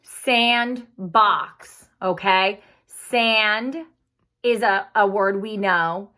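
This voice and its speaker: A woman teacher giving a phonics lesson, patient and encouraging, speaking slowly and clearly. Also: mid-range voice, pushed and bright.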